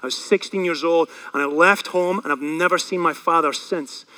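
A man playing an earnest young Bible student who tells his own story with feeling. The voice is high and bright. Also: normal speed.

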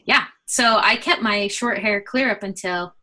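A middle-aged woman, a guest, telling a personal faith story in an earnest, animated way with many fillers. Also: mid-range voice, a little slow. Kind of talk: personal testimony in a conversation.

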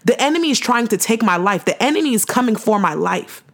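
A woman's voice: a little high, expressive, quick pace. A young woman hosting a podcast, giving an impassioned faith testimony in a repetitive, slangy preaching cadence. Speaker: podcast host.

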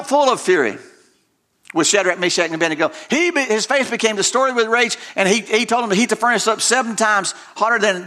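Male preacher, sermon, high voice, sharp bright tone, dramatic storytelling, repeats words. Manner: retells scripture dramatically with frequent word repeats.

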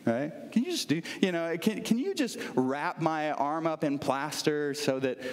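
A pastor with a fairly high, expressive voice preaches at a measured pace, keeping his sermon conversational and full of everyday stories. He often pauses to ask the congregation questions, and the long reverb of a large hall rings around his words.

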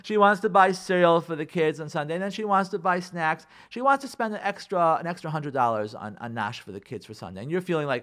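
A rabbi talking on a radio show, giving emphatic marriage advice and acting out what spouses say to each other. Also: male voice, on the high side, lively intonation, fast, hardly any pauses, fairly bright tone. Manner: emphatic, acts out spouses' lines, uses Hebrew and Yiddish words.

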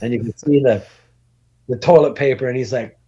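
A middle-aged man with a husky, breathy voice tells an old road story in loose, animated chat. He swears freely and laughs through the telling. The recording sounds dull and lo-fi, like a home podcast setup. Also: mid-range voice, fairly quick. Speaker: podcast guest. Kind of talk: casual storytelling.

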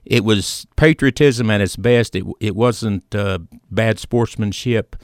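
Low-voiced man telling a sports story. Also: clear, resonant tone, no echo, clean studio sound. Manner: storytelling, measured, with fillers. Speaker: sports radio host. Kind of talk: casual sports talk.

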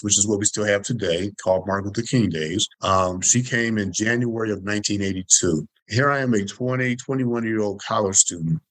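A man in his sixties from Detroit speaks in a fairly low voice. He builds his stories with emphatic repetition. The sound is dry and close, with no room around it. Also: a bit bright, no echo, low-quality recording. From Detroit, Michigan. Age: 60s. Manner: emphatic, repeats phrases for effect. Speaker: interview guest. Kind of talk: reflective storytelling.

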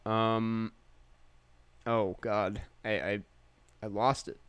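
A man's voice: lowish voice, flat delivery, extremely slow, fairly bright tone, clear, resonant tone, no echo. A man hosting a podcast in casual chat, chatty and self-deprecating, laughing often. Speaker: podcast host.

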